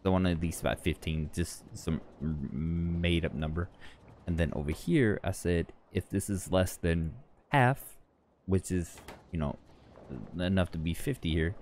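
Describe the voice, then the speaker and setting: A man's voice: sits low, moderate pace, darkish tone, slight background noise. A tired man giving rambling, chatty commentary over his own gameplay, often correcting himself as he goes. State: tired, yawning. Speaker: gaming channel host.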